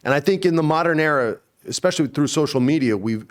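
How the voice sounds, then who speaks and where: An actor in his forties, appearing as an interview guest, tells stories in a relaxed way at a quick, expressive clip. When he acts out quotes, his voice jumps into sudden high bursts.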